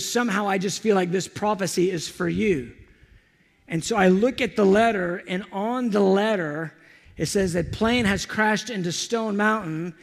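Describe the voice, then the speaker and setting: Male preacher, high and gravelly, animated storyteller. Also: long reverb tail. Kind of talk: storytelling sermon.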